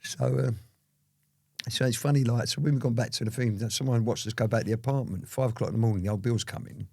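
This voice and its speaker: Man, raspy storyteller, keeps saying "you know what I mean", dry recording. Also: mid-range voice, fairly even intonation, quick pace, darkish tone, no room sound. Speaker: father telling his life story to his daughter. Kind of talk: casual storytelling interview.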